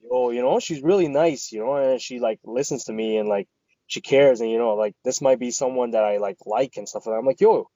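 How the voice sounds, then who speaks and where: A man talking quickly in a loose, rambling way, swearing often as he tells a story and acts out what his friends said. The sound is dry and a little dull. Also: mid-range voice, dark tone, no room sound. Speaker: podcast co-host. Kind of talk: casual storytelling chat.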